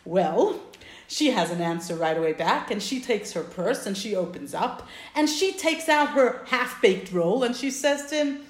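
A woman teaching a class over a video call, telling a parable in an animated, emphatic way. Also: medium pitch, a little slow, echoey room. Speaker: religious teacher.

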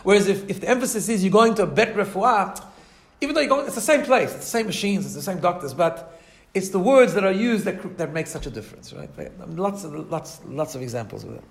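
A man's voice: high-pitched, lively intonation, fairly quick, creaky, hardly any pauses, reverberant. A man teaching a class in a conversational way, often restarting sentences and checking in with his listeners. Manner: conversational, frequent restarts, keeps asking "right?". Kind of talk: class lecture.

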